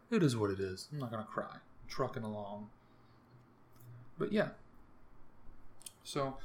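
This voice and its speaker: A young man from the US East Coast hosting a podcast alone, rambling through profane, jokey rants with sudden jumps in pitch. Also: slight background noise. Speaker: podcast host. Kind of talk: casual solo rambling monologue.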